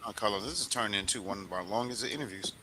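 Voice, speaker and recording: A man's voice: on the low side, very fast, crowd noise, rough recording. A man hosting a sports podcast interview in a casual, teasing style. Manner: joking, teasing, animated retelling. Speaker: podcast host.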